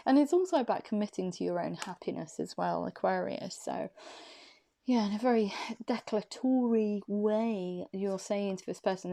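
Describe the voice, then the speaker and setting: A woman giving a loose, chatty tarot reading to her viewers, speaking in drawn-out phrases and laughing easily. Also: mid-range voice, vocal fry, warm tone. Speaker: tarot reader. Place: room indoors.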